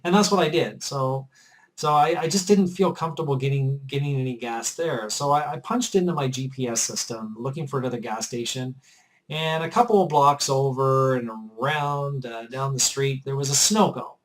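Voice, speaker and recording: A man's voice: medium pitch, moderate pace, rough recording. A man vlogging, earnestly telling a personal story in a chatty, repetitive way. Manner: earnest and chatty, often repeats himself. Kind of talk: casual storytelling to camera.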